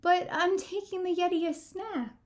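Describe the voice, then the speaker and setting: A woman voicing an eager young boy explorer who shouts with glee in a storybook read-aloud. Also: very high-pitched, steady tone, normal speed, voice pushed up.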